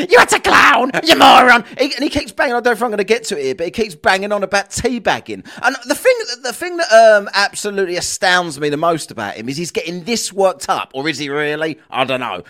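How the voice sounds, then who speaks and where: Brief: male podcast host, high, bright voice, swearing animated rant. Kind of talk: casual commentary.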